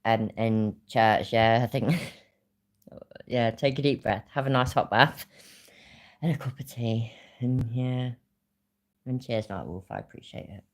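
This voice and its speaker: Blunt, deep-voiced woman streamer. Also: a little slow, pauses often. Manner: swearing, blunt, laughs often. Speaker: commentary streamer. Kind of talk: reaction commentary on a played stream.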